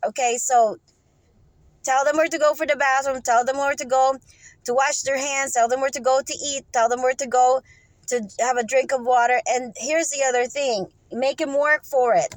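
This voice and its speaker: A woman's voice: high-pitched, fairly even intonation, normal speed, no room sound, low-quality recording. A woman speaking in an unscripted advice monologue. She rambles and restarts often, checking in with "okay?" as she instructs. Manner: restarts and trails off mid-sentence. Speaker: vlogger giving advice.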